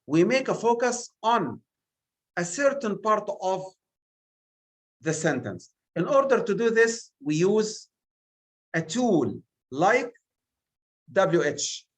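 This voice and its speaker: A male English teacher giving an exam revision lesson, speaking deliberately and stressing single words one at a time. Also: sits high, big pitch swings.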